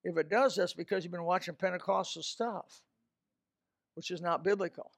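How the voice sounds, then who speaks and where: A man preaches with a gravelly, fry-edged voice that sits high for a man. He is emphatic, jumping from loud bursts to low asides, and the close mic sounds dry with no room. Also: normal speed, no echo. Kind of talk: sermon.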